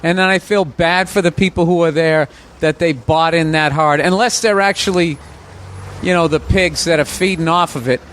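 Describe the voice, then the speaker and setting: A man's voice: fairly high pitch, fairly even intonation, normal speed, a bit bright. A man in his forties, a guest comedian, talking bluntly and wryly in casual chat outdoors. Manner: blunt, wry, profane. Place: outdoor patio by a street. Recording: street noise outdoors.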